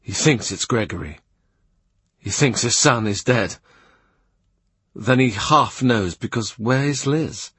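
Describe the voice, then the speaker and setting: A man narrating a literary audiobook in a measured, quiet way. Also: mid-range voice, lively intonation, husky, no room sound. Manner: measured, quiet, present-tense reading.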